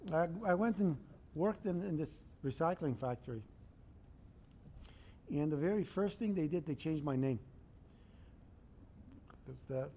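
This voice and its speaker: A programming instructor teaches his class in a conversational lecture style, often checking that students are keeping up. His voice is on the high side and warm, with slight background noise.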